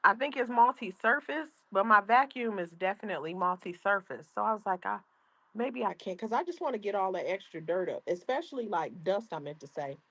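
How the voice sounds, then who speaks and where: A woman's voice: mid-range voice, lively intonation, fairly quick, fairly bright tone, no echo. A grandmother streaming casually from home, chatting and reading her chat aloud. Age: older. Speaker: livestream host. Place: outdoors at home.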